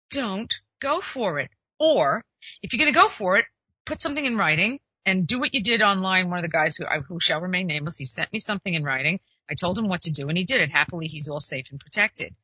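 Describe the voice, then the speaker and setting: A woman's voice: medium pitch, sharp tone, husky, dry recording, muffled recording. A woman who works as a literary agent and hosts a show, giving chatty, emphatic advice and acting out the conversations she describes. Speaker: literary agent and podcast host. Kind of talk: casual advice monologue.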